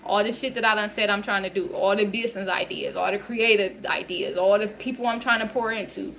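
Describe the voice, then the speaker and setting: A woman in her thirties vents in a casual vlog rant, blunt and heavy on profanity. Her voice sits at a middle pitch. Faint background noise runs under it. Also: fairly even intonation, fairly quick, fairly bright tone. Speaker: vlogger.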